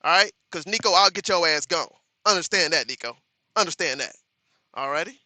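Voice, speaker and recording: A man's voice: on the high side, expressive, a little fast, dry recording. A man hosting a live stream, reading viewers' comments aloud and answering them in a casual, direct way, often repeating himself to drive a point home. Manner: talks straight to chat, repeats "understand that", gets loud and firm.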